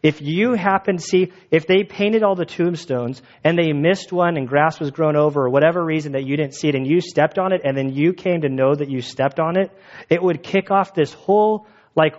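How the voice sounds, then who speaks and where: A male pastor preaching a sermon in a casual, joking, conversational way. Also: on the high side. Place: church. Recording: dull lo-fi sound.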